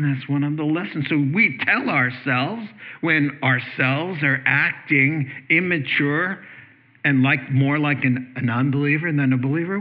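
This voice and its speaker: A man's voice: on the high side, a little slow. Tinny-sounding man preaching conversationally. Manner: conversational preaching with rhetorical questions. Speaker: pastor. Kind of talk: sermon. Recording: tinny phone-like sermon audio.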